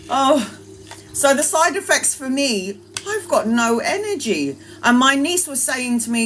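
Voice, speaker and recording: Animated woman telling a story, higher voice. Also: a little hiss or hum. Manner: animated, laughing often, swearing freely, addresses viewers directly. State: tired and low on energy. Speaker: tarot reader live-streaming to followers. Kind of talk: casual storytelling on a live stream.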